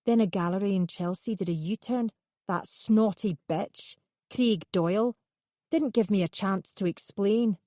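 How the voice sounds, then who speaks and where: A woman's voice: medium pitch, measured pace, mellow, no echo, clean studio sound, lightly acted. A woman voicing a bitter, menacing male artist in an audiobook, congenial on the surface and snarling underneath.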